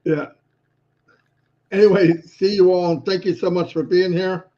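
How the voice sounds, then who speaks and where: High-voiced joking man on dull call audio. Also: a little slow. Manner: joking, animated storyteller. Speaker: co-host of a live stream. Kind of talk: casual chat.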